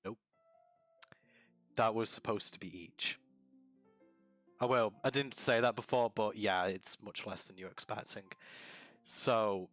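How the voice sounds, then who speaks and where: A man's voice: lowish voice, a bit bright, no room sound. A man running a tabletop game as dungeon master, narrating casually with many fillers. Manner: casual, with many fillers, keeps the story moving.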